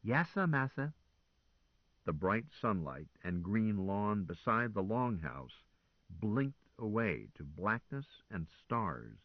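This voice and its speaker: Expressive male audiobook narrator. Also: low-pitched, slow, dry recording, muffled recording.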